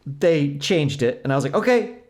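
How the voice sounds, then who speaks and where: Fairly high in pitch and fairly quick, a young adult man co-hosting a podcast spins a lively story in casual chat. He acts out the characters and voices their quoted exchanges.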